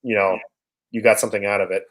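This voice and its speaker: On a poorly recorded podcast, a Washington State man with a fairly low, slightly bright voice rattles off profane, meandering anecdotes at a quick pace. His tone stays steady and his manner is easygoing.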